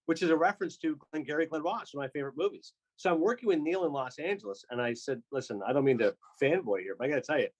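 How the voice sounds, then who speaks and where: Man, broadcaster, from Canada, rapid-fire storyteller, slightly high voice. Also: dull audio. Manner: fast, animated storyteller with quick asides. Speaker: sports broadcaster guest. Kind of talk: casual podcast chat.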